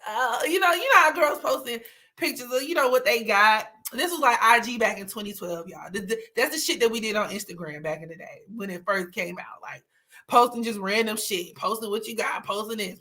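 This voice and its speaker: A woman's voice: fairly high pitch, a little fast, bright, forceful tone. A young woman hosting a livestream, telling candid stories in casual chat, laughing often and slipping into dramatic, teary mock outbursts. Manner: candid storytelling with frequent laughter. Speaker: livestream host.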